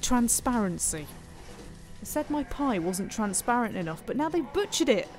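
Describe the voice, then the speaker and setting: A woman's voice: fairly high pitch, sing-song, normal speed, soft background music. Chatty woman streaming a game. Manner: chatty and playful, thanking viewers, talks to herself. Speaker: streamer playing a city-building game. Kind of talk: live-stream gameplay commentary.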